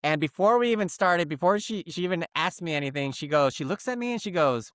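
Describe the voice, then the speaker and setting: A man co-hosting a comedy podcast, telling a long story in an animated, rambling, profane way. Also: fairly high pitch, quick pace, few pauses, no room sound, studio quality. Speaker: podcast co-host.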